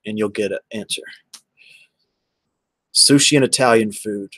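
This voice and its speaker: A man's voice: lowish voice, measured pace, bright, forceful tone, slightly rough, no echo. A man, chatting casually on a livestream and answering viewers by name in a rambling way. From Texas.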